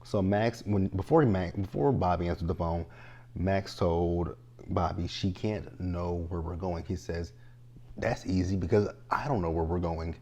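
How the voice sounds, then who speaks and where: A young man giving a casual, animated recap of a TV episode, talking straight to the characters in exasperation. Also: low-pitched, unhurried. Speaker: TV show reviewer.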